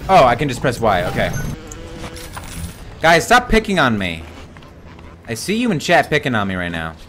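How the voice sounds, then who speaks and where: Man, game streamer, bright voice, swings high and low, yelps and swears, faint music behind. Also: huge pitch swings, normal speed. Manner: jumpy, yelps and shouts at scares, swears a lot. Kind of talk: live gameplay commentary.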